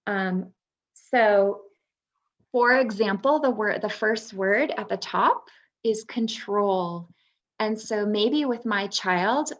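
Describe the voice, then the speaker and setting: A woman, a former third grade teacher, explaining reading skills to parents in a patient presentation with frequent ums. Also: medium pitch. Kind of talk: instructional webinar presentation.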